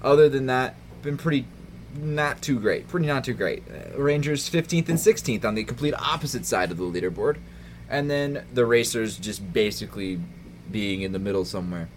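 Dude doing fantasy league updates, easygoing, laughs a lot, bit of noise in the background. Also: male voice, medium pitch, moderate pace. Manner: chatty, laughs easily, runs down standings. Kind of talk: casual podcast chat.

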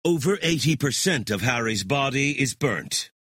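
Male host, scripted true-crime narration, lively and dramatic pitch. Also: normal speed, no room sound, studio quality. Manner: dramatic, with deep drops on ominous phrases.

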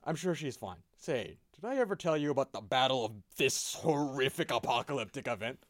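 A man's voice: medium pitch, expressive, a little fast, a bit bright, no echo, clean studio sound, close to an everyday voice. A man voicing an armored male space soldier who reassures a lost child, then slips into grim war stories. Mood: reassuring. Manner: reassuring, then launching into grim battle tales.

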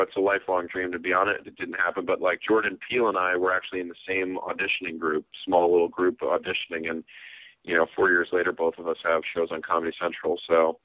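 Heard over a phone-like line in a dry recording, a low-voiced male guest on a casual interview tells rambling comedy stories that mock himself. He acts out the voices of the people he quotes.

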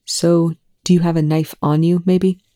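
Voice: flat delivery, unhurried, mellow, no room sound, clean studio sound, close to an everyday voice. A reader doing a flustered, incredulous male scientist. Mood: tentative. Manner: flustered, pitched up, disbelieving. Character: exasperated, incredulous male astrophysicist. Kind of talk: audiobook-style fan fiction reading.

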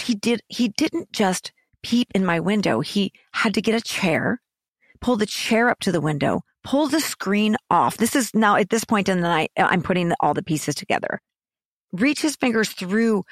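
A woman recounts a frightening personal experience as a podcast guest, her voice at a middle pitch. She grows emotional, her voice climbing high when she is agitated and sinking to a whisper at the worst moments. The recording is dry and close, with no room sound. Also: lively intonation, normal speed, dry recording. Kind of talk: personal storytelling.

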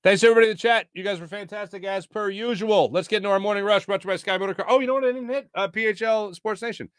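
A man's voice: high voice, very fast, clean tone, no room sound, clean studio sound. A man hosting a sports talk show, chatting casually with lots of fillers while reading viewer comments. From United States.

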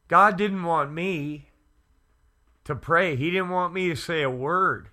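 Casting: male pastor, earnest testimony, unhurried delivery, slightly high voice. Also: sharp tone. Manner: slow, earnest, emphatic storytelling. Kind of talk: storytelling testimony.

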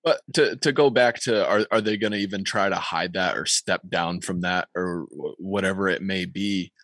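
A man's voice: sits low, moderate pace, a bit bright, no echo. A man co-hosting a podcast, rambling in casual chat with restarts and swearing.

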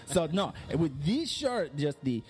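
A flamboyant male fashion consultant from Miami, put on by a man, with a Cuban accent. He talks in a sassy, campy way, his pitch riding high and swinging widely through every line. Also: very animated, slow, over a noisy crowd. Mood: pleased. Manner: campy, sassy, theatrical swoops. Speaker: clothing design consultant character. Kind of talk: improvised comedy bit.

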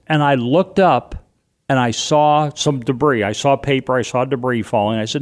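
A man's voice: mid-range voice, normal speed. A man recounting what he witnessed, telling it as a vivid first-person story and repeating phrases for emphasis. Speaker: guest recounting a disaster. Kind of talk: first-person eyewitness account.

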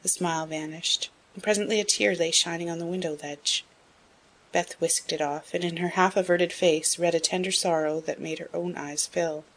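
A woman narrating a classic novel as an audiobook reader, in a steady storytelling manner. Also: lowish voice, normal speed. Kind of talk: scripted narration.

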